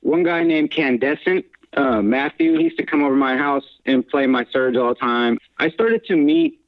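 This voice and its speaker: A man's voice: medium pitch, moderate pace. Male guest, rambling storyteller with lots of restarts and chuckles, heard over a thin phone-like line. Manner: rambling, restarts, frequent laughs. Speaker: guest, house music DJ and producer. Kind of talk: casual storytelling interview.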